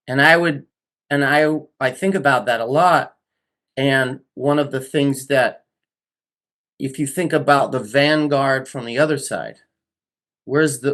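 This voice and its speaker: A man's voice: mid-range voice, a bit bright. A man co-hosting a podcast, thinking aloud in a casual political discussion, stringing loose clauses together and ending with questions.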